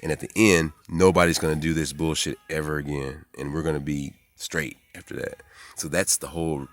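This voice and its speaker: A man in his forties, rambling excitedly and profanely in a casual monologue, jumping into high voices when he quotes people. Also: brisk, no echo. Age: 40s. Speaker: spiritual vlogger.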